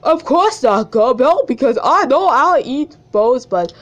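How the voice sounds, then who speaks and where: A woman voicing a hungry, cheerful cartoon father, speaking loud and bouncy. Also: high-pitched, animated, unhurried, highs cut off.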